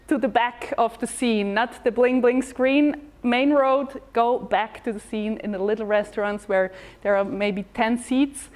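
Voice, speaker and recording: Speaking in a voice on the high side, this woman delivers a short stage presentation at a talk event in an event hall. Her manner is lively and talkative, with plenty of fillers and false starts.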